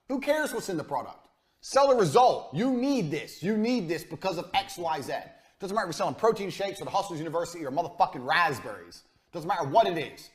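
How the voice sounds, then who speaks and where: A man's voice: high-pitched, animated, brisk. A man giving a business lecture to a live audience, blunt and profane, hammering his points home through repetition. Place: university lecture room.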